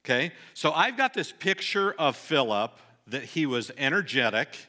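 A middle-aged man delivering a sermon, telling a personal story earnestly and dropping soft and low at the sad moments. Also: very animated, normal speed. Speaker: pastor.

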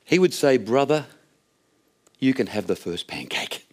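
A man's voice: mid-range voice, animated, unhurried. Brief: fed-up mother telling her sons off at breakfast, put on by a male preacher telling a story. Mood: lecturing. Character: exasperated mother scolding her squabbling sons.

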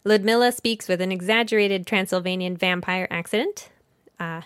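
On her children's book podcast, a woman summarizes and discusses a story conversationally, thinking aloud and sometimes correcting herself. Her voice is medium-pitched, clear and resonant at a moderate pace, recorded with clean studio sound and no echo.

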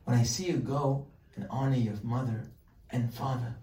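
A man giving a weekly Torah class as a rabbi, acting out imagined dialogues in a lively way. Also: mid-range voice, normal speed. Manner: animated, acts out questions and answers in dialogue. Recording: roomy sound, mic at a distance.

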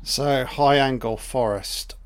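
A man's voice: medium pitch, slow pace. A man giving a mocking, profane running commentary on a film he is watching for the first time. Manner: mocking, profane, deadpan asides. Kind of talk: sarcastic solo film commentary.

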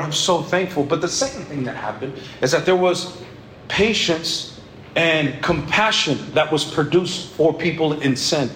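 A man's voice: on the high side, fairly bright tone, echoey room, a little hiss or hum. A man in his thirties preaching a conversational sermon in a church, telling candid stories with self-mocking humor.

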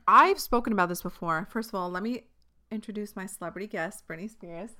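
Bright-voiced, chatty, swearing woman podcaster. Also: medium pitch. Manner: chatty, profane, laughs often. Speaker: podcast host. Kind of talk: casual solo podcast chat. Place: filming herself on camera. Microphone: podcast microphone.

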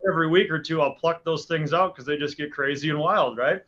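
A middle-aged man, a podcast guest, telling a story in a lively, animated way with quick restarts. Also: a little high, dull audio. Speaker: guest, hunting guide and speaker. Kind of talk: casual storytelling.

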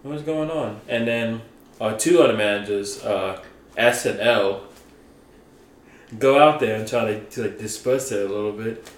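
A young man casually telling a workplace story as a podcast co-host, acting out what people said in an animated way. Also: on the low side, unhurried. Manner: animated storyteller, acts out quotes. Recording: roomy echo, faint background noise.

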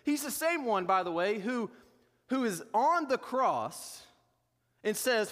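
A man's voice: very high voice, big pitch swings, slow pace, fairly bright tone, big-room sound. A man pastor preaching a sermon in a conversational way, with joking asides.

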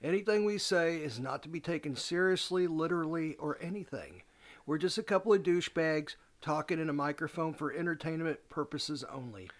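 Guy with a high voice rambling thru a crude prank call story, cussing constantly. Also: expressive, a little fast. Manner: profane, rambling, acts out shouting callers. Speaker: podcast co-host.

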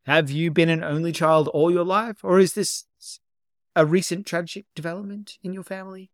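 A man voicing a flamboyant, sentimental older gentleman who speaks in grand, florid, old-fashioned phrases. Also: on the high side, steady tone, moderate pace, no room sound, studio quality, pitched above the performer's own voice, natural voice. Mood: fond, theatrical.

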